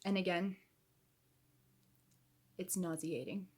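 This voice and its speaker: A woman's voice: fairly low pitch, slow pace, breathy edge. A woman giving heated, indignant reaction commentary to camera, swearing as she gets angry. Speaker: YouTube commentator.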